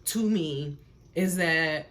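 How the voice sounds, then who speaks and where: A woman's voice: deep voice, extremely slow, a bit bright. Woman, tarot reader, casual spiritual reading, emphatic, repetitive, swears freely. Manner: earnest, preacher-like encouragement.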